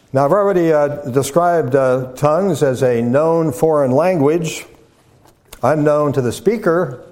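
A man preaching a sermon, teaching from scripture in a measured way with frequent pauses, fillers and restarts. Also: mid-range voice, darkish tone. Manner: halting restarts.

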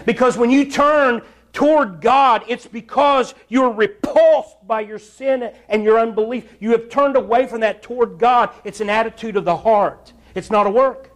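A man's voice: very high-pitched, moderate pace, hardly any pauses. A man preaching a fiery, blunt sermon in church, scolding the congregation. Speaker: pastor.

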